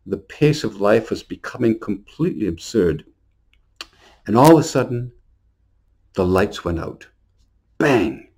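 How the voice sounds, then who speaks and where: A male priest speaks in a low, steady voice. He delivers a short New Year homily earnestly, moving into storytelling and now and then repeating a word as he goes. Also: measured pace, pauses often, slightly rough. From Montreal.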